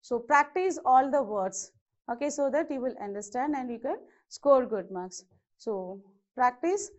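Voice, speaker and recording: A woman's voice: high voice, lively intonation, measured pace, a little mellow, highs cut off. A woman teaching an exam-prep grammar lesson, explaining patiently step by step with many "okay"s and "so"s. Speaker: English teacher.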